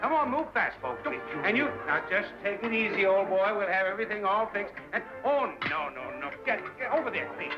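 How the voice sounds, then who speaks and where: A man's voice: high voice, very animated, muffled recording. An actor playing a fussy, flustered male party host who keeps ordering guests about in an old comedy film. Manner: hurried, fussing, repeating orders. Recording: old film soundtrack with music. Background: music.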